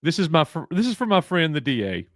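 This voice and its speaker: A man with a Southern Alabama accent hosts a live stream in a joking, chatty way, reading out viewer names and teasing them. His pitch swings widely, and his voice is dry and close with no room sound. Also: sing-song, fast talker, fairly bright tone, no echo. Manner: joking, reads chat names aloud and banters. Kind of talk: casual live-stream chat.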